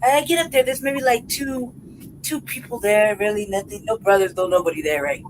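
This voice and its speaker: She hosts a podcast and tells a loose, profane story in casual conversation, laughing along and repeatedly checking in with "right?" and "you know what I mean?" Her mid-range voice moves fairly quickly, and the rough recording carries a little hiss or hum.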